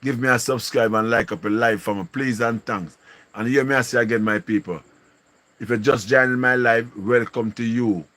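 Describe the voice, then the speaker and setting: A man with a Jamaican accent hosts a casual live stream, greeting viewers and repeating slangy catchphrases. His mid-range voice is steady and fairly bright, at a normal speed.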